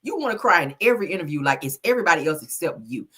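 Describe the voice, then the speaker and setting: A woman's voice: fairly low pitch, big pitch swings, rapid-fire, a bit bright, breathy edge. A woman hosting casual reality TV gossip commentary, sassy, blunt and full of slang. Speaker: host.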